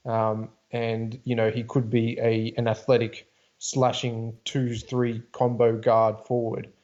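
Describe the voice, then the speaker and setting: A man co-hosting a casual sports podcast, laying out his thinking in a measured, analytical way. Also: mid-range voice, completely flat delivery, darkish tone. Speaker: podcast co-host. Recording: slightly dull lo-fi sound.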